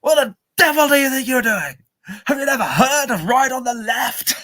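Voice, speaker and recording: A man's voice: fairly high pitch, big pitch swings, racing, husky, pitched above the performer's own voice. A man voicing a posh, indignant old male professor, pompous and affronted.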